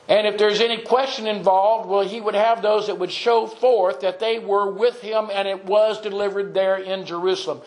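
A man preaching a morning sermon with a fairly high voice. He speaks earnestly and deliberately and slows down on the phrases he wants to stress. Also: fairly even intonation, rough recording.

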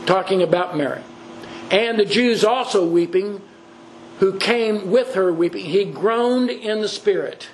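A man's voice: high voice, a little slow, a little hiss or hum, poor audio. A man preaching a sermon in an earnest way, repeating phrases for emphasis.

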